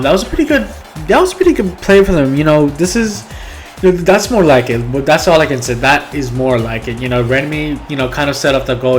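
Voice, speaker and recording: A young man commentating his own football video game matches, talking straight to viewers and yelling at goals and near misses. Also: medium pitch. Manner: talks straight to viewers, calls them guys. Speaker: gaming YouTuber. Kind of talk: live gameplay commentary.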